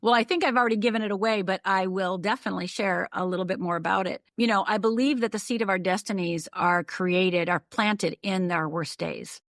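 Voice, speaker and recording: A woman's voice: medium pitch, brisk, few pauses, no echo, clean studio sound. An older woman from the northern United States telling a personal story as a podcast guest, vivid, detailed and emphatic. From Upper Michigan, USA.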